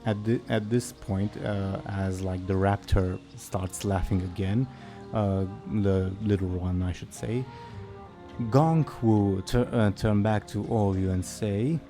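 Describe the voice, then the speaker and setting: A man narrates a tabletop game as game master, in a low, dark and mellow voice. He talks slowly and haltingly, with many fillers. Faint music plays behind him.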